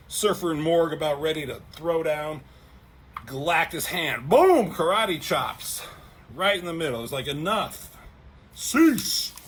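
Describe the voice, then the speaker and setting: A man retelling a comic in a loose, rambling way, with frequent swearing and plenty of fillers. His voice sits a bit high for a man. Faint ambient noise hums behind him. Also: sharp tone. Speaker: comic book reviewer.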